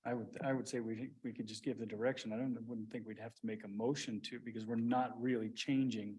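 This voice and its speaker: A man's voice: medium pitch, steady tone, quick pace, a little mellow, slightly rough. A man chairing a small-town board meeting, running motions and roll calls in an easygoing way. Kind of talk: meeting procedure.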